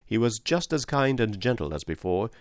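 Low-voiced man reading a story. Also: big pitch swings, moderate pace, no room sound, studio quality. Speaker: audiobook narrator. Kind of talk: scripted narration.

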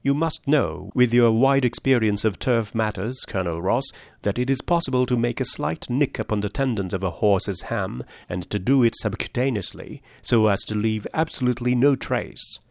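A man reading a story aloud, voicing a shrewd male detective who lays out his deductions in a measured, precise way. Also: medium pitch, vocal fry, darkish tone, no echo, close to an everyday voice. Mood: explaining.

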